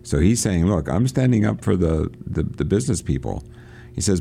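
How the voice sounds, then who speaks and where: Low, mellow man reading aloud. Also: big pitch swings, gravelly, slightly rough. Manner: reads quoted passages aloud, halting with restarts. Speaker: radio host reading and discussing a novel. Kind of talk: casual reading and discussion on radio. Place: church.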